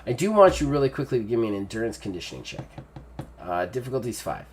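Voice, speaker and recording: A man's voice: medium pitch, big pitch swings, fast, a little hiss or hum. A man narrating a tabletop game as game master, in a casual, chatty way.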